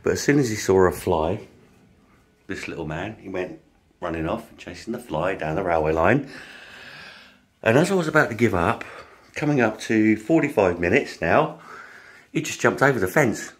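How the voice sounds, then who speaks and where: A man, casually telling a story to camera, speaking softly and getting animated when he retells the shouting. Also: lowish voice, moderate pace, long pauses. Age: 50s. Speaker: vlogger.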